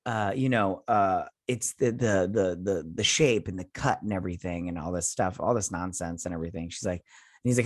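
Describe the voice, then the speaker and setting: A man hosting a casual episode recap, rambling with lots of fillers and quick paraphrased lines from characters, close on a desk mic. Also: low-pitched, no echo. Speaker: show host.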